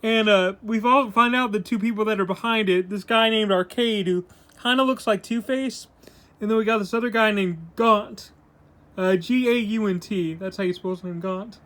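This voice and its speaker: High-voiced man rambling through a comic review. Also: normal speed, fairly bright tone. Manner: rambling retelling full of "like" and "uh"; paraphrases characters' lines in his own voice. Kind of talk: casual spoken comic review.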